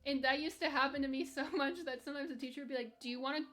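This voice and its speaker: A woman's voice: sits high, steady tone, quick pace, a bit bright, faint music behind. A young woman streaming and chatting candidly with her live chat, rambling with restarts and light laughs. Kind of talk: casual chat reading live chat while gaming.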